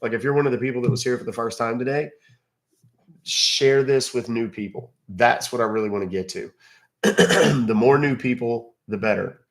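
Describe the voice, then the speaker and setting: A man's voice: medium pitch, moderate pace. A man hosting a casual livestream, rambling conversationally and thanking viewers by name. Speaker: livestream host.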